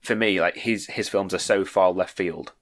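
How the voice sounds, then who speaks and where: A man with a very low voice talks through a film in casual podcast chat. He co-hosts the show and is opinionated, explaining his views at length. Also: fairly even intonation, moderate pace. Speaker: podcast co-host.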